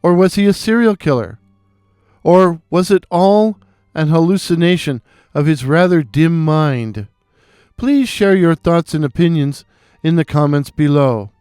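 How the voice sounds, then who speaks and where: A man with a head cold and a gravelly voice, hosting and reading weird tales with theatrical asides to his listeners. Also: on the high side, unhurried, darkish tone, no echo, studio quality, faint music behind. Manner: theatrical, addresses listeners directly. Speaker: storyteller and channel host.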